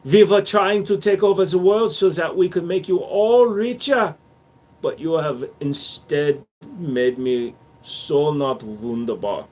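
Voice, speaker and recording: A stern, self-important male German gun company spokesman, put on by a man in a mock German accent. He speaks slowly and in clipped, commanding phrases, a little higher than an everyday voice. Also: darkish tone. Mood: aggrieved.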